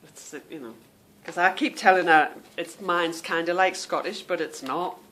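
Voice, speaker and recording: Brief: lower-voiced woman podcast host, warm casual chat from home, friendly "girlies" patter. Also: normal speed. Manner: chatty, calls listeners "girl" and "girlies".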